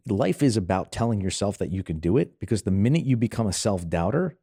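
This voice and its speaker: A man hosting a podcast, asking long, reflective questions in a steady conversational way. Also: fairly low pitch, a little fast, vocal fry, slightly rough. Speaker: podcast host. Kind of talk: conversational interview.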